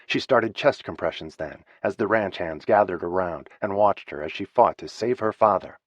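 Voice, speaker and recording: A man narrating an audiobook in a measured, somber reading. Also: sits low, no room sound. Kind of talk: scripted narration. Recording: slightly muffled dry studio recording.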